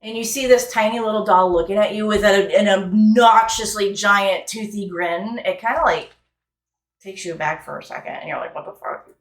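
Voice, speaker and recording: A woman's voice: mid-range voice, moderate pace. A woman narrating as game master in a loose, rambling, casual storytelling manner with some swearing, recorded in an echoey room.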